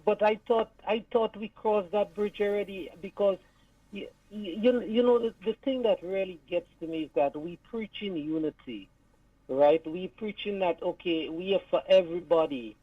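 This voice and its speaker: A man calling in to a radio show, talking earnestly with many pauses and restarts. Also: high voice, dry recording. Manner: earnest, hesitant, stops and restarts while talking. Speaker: caller. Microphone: phone call. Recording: tinny distant phone line.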